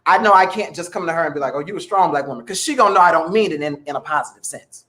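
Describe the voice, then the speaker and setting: A woman's voice: on the low side, rapid-fire, sharp tone. A woman moderating a casual panel discussion, talking conversationally and checking in with the group.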